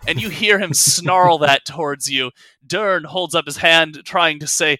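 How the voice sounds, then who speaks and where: A man's voice: on the high side, normal speed, pushed and bright, no echo. A young man narrating as game master of a tabletop game, rambling with fillers and self-corrections.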